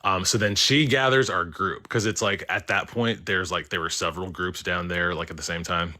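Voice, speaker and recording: A man's voice: low-pitched, steady tone, moderate pace, pushed and bright. A young man calling in to a livestream, telling a ghost story in a rambling, casual way full of "like" and filler words. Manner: rambling, heavy use of "like" and fillers. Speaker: caller.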